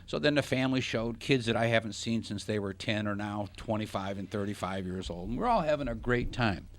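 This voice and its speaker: A man's voice: lowish voice, fairly quick. A middle-aged man hosting a radio talk show, telling a long joking anecdote in casual chat. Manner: jokey anecdotal storyteller. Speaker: radio show host, financial advisor.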